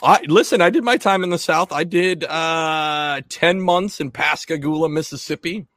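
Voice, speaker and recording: A man's voice: a little high, moderate pace, fairly bright tone, dry recording. A man hosting a casual fishing podcast, a rambling storyteller who laughs and restarts his sentences. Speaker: podcast host.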